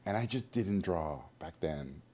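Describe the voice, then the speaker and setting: Low mellow guy telling stories in an interview, really animated, acts out the voices. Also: a little slow, slight background noise. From Mexico. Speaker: guest animator. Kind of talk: storytelling interview.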